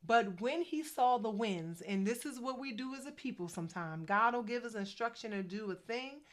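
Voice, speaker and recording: Chatty woman in her fifties preaching. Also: a little high. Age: 50s. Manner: animated, preachy, chatty with fillers and quick asides. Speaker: faith vlogger. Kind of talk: casual faith-based vlog talk.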